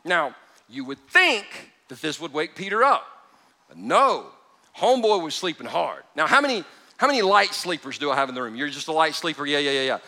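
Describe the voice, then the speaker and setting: High, bright-voiced animated preacher man. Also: brisk. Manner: animated, swinging from hushed to loud, joking asides. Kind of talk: sermon. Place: church hall with a live audience.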